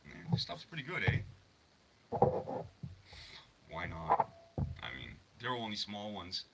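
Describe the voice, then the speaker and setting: A man's voice: fairly low pitch, very animated, normal speed, very noisy. A man hosting a casual livestream from his phone, rambling, swearing freely, and answering chat messages. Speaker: livestream host.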